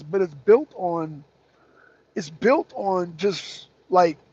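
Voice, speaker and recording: A man rants through heated political commentary, hammering his points with repetition and mocking asides. His voice sits high and husky. The sound is dull and lo-fi. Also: no room sound. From United States. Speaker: talk show co-host.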